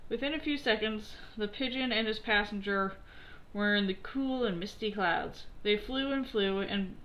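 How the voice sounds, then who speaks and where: A woman reading a children's story aloud in a gentle, expressive way, with occasional slips. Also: medium pitch, moderate pace, muffled recording.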